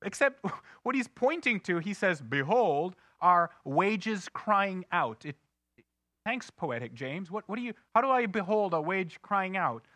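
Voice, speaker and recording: A married man preaching a sermon, swinging from loud outbursts to hushed, slow emphasis. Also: high-pitched, sing-song, dry recording. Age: adult, married. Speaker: pastor.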